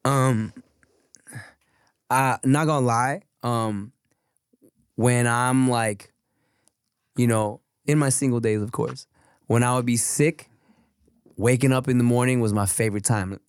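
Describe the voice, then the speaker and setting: A man in his thirties co-hosting a podcast, his voice deep and husky from a sore throat, talking in laid-back slangy banter with frequent laughs. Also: fairly even intonation, takes it slowly, pauses often, no echo, clean studio sound. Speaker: podcast co-host. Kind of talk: casual podcast chat.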